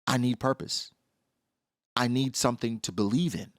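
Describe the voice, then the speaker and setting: A man giving casual, slangy commentary on a comic chapter, acting out characters in quick asides. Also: mid-range voice, dry recording, studio quality. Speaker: manga reaction host.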